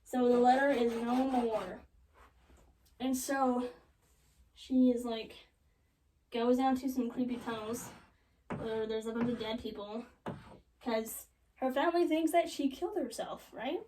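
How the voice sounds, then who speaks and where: A young woman casually retelling a classic love story as a joke, with sarcastic asides and quick quoted voices. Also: on the high side, steady tone, warm tone, far from the mic, slight background noise, rough recording. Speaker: comedic storyteller. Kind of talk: joking retelling of a classic play.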